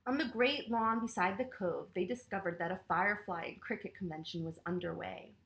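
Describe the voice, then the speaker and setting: A woman reading a picture book aloud to children and leading yoga poses, speaking to them in an animated, playful way. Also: lowish voice. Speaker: children's storyteller and yoga teacher.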